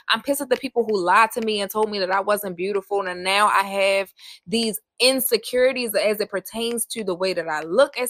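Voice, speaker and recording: A woman's voice: a little high, fairly bright tone, no room sound, studio quality. A woman hosting her own podcast, talking in a raw, emphatic solo monologue, swearing often and hammering repeated phrases. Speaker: podcast host.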